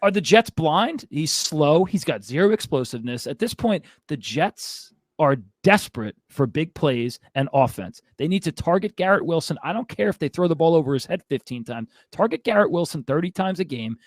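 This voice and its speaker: Fairly high-pitched and animated, this man hosts a fantasy football show and unloads a heated, exasperated rant on his co-host, full of asides. He keeps a moderate pace with few pauses, and there's no echo.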